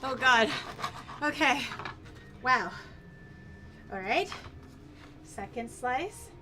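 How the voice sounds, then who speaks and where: A woman's voice: sits high, expressive, drawn-out words, noisy background. A woman streamer chatting casually while cooking on a livestream, thanking viewers and switching between two languages.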